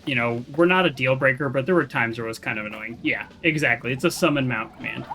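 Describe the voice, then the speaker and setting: A gaming streamer with a medium-pitched, pushed and bright voice gives casual let's-play commentary while playing a video game. He's chatty and self-deprecating, thinking aloud with fillers and restarts, and there's slight background noise.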